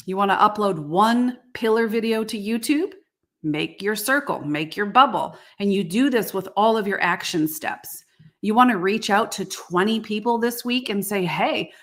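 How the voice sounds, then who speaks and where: A woman hosts a motivational business podcast. She talks in a folksy, animated way at a medium pitch and slips into quick acted-out voices to make her points. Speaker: podcast host and business coach.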